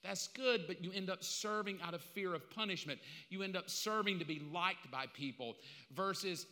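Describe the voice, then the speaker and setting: Middle-aged pastor guy preaching, casual but fired up, sharp bright voice in a roomy church. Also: sits high. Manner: impassioned, conversational preaching with dramatic pauses. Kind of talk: sermon. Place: church sanctuary.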